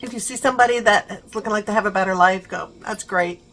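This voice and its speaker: A woman's voice: mid-range voice, steady tone, rapid-fire, fairly bright tone, poor audio. A middle-aged woman chatting casually to her viewers, encouraging and laughing often. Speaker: vlogger. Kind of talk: casual chat to camera.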